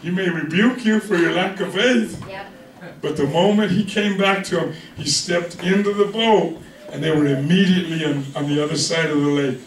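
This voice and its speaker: A pastor with a fairly high-pitched voice preaches a sermon at normal speed, joking around conversationally and repeatedly asking his congregation "you with me?" He's recorded from a distance in an echoey church hall full of people, with a little hiss or hum in the audio.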